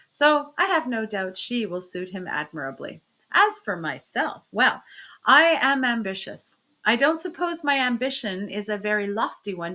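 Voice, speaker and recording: A woman reading a classic story aloud in the first person, with expressive shifts in pitch and loudness. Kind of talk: storybook read-aloud narration.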